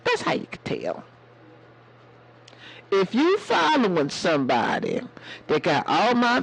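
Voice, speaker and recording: A man's voice: high voice, gravelly, poor audio. A man hosting a casual livestream chat in a sassy way, calling his viewers baby and honey. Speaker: livestream host.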